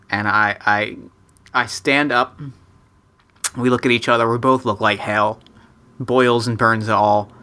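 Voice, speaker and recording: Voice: medium pitch, pushed and bright. A tabletop game player describing their character's actions in first person, often stammering and restarting.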